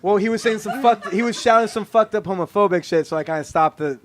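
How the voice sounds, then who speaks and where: A man's voice: sits high, fast, crowd noise. A man hosting a podcast live on stage, telling stories in a self-deprecating, laughing way. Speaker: podcast host.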